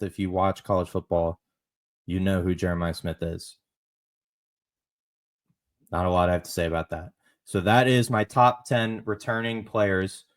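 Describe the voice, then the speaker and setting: Low-voiced man hosting a football podcast. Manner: conversational, repeats and restarts phrases, emphatic on praise. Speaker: podcast host. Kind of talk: solo college football podcast commentary.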